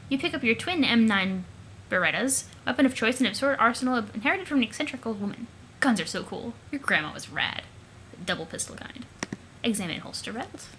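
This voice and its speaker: A young woman reading a webcomic aloud, excitable and giggly, swearing casually between lines. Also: a little high, a little hiss or hum. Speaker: let's play narrator.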